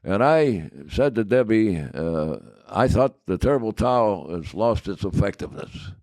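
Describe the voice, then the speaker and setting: A man's voice: lowish voice, lively intonation, normal speed, darkish tone, dry recording. An older man imitating a well-known male radio announcer, raising his voice and muttering "hum-haw" between his sentences. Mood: chatty.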